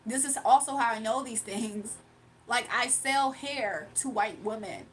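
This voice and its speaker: A woman's voice: on the high side, unhurried, fairly bright tone, slight background noise. A young woman hosting a livestream, talking casually and combatively to her chat, mocking and defending herself. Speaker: livestream host.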